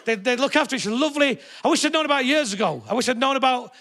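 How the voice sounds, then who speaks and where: Man, stand-up comedian, very high voice, sweary storytelling. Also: rapid-fire. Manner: brash, sweary storytelling with shouted put-on voices. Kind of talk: live stand-up routine. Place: theatre stage before a live audience.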